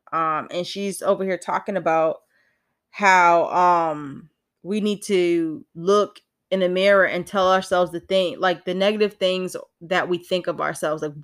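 A woman's voice: on the low side, a bit bright. A woman hosting her own podcast, talking casually and candidly with frequent laughs and the odd swear word. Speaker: podcast host. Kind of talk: casual solo podcast talk. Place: indoors at home with rain outside.

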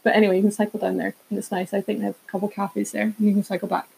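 A woman's voice: medium pitch, level tone, rapid-fire, creaky, a little mellow, a little hiss or hum, rough recording. A woman hosting a casual solo podcast, rambling through tangents and correcting herself as she goes. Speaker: podcast host.

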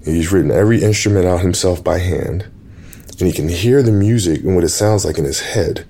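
Male guest, lowish voice, eager storyteller who restarts and repeats words. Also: brisk, creaky, warm tone, breathy edge. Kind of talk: excited anecdotal storytelling.

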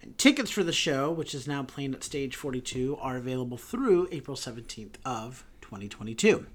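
A man's voice: mid-range voice, expressive, moderate pace. A man co-hosting a podcast, gushing emphatically about a show and reading the sign-off. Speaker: podcast co-host. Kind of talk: casual theater review chat.

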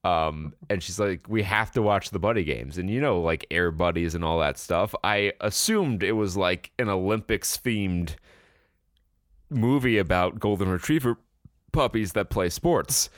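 A man's voice: sits low, measured pace, no echo, clean studio sound. A man co-hosting a podcast in casual chat, rambling and sarcastic, swearing freely. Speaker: podcast co-host.

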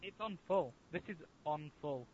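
Man around twenty, from Leeds, laid-back guest, slightly high voice, thin phone-like line. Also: animated, moderate pace. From Leeds, England. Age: about 20. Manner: laid-back, short dry answers. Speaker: podcast guest. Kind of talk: casual chat. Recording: thin phone-like call audio.

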